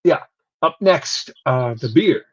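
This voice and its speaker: A man's voice: mid-range voice, lively intonation, takes it slowly, fairly bright tone, husky. A young man co-hosting a casual wrestling recap, rambling and swearing as he tells stories. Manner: profane, rambling storyteller. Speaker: podcast co-host. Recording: dull lo-fi recording.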